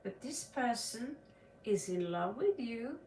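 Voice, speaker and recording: Animated Norwegian woman reading tarot. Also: a little high, slow pace, far from the mic, a little hiss or hum. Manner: dramatic, emphatic, with sudden loud stresses. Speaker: tarot reader. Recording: echoey room, voice a bit off-mic.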